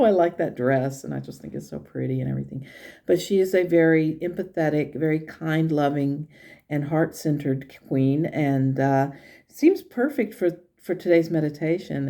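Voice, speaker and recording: Mellow, earnest lower-voiced woman. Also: vocal fry. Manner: earnest, repeats words for emphasis. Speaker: tarot reader and channeler. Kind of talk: casual spoken reflection.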